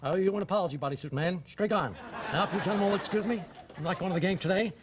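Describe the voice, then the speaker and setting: A man's voice: sits high, very fast, background noise, close to an everyday voice. A man doing George Steinbrenner, rambling blustery boss. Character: rambling blustery male baseball team owner, boss. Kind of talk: sitcom acting.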